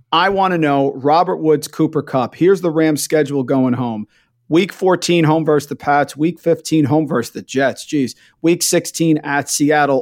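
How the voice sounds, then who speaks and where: A man hosting a podcast, asking questions in a friendly, joking way. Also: fairly high pitch. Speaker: podcast host. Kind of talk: casual podcast chat.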